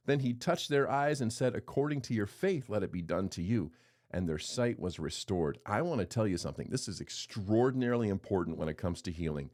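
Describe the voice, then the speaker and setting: Lively-voiced man giving a devotional talk. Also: mid-range voice, fairly quick. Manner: expressive, folksy storyteller who voices quoted people. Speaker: pastor hosting a daily devotional podcast.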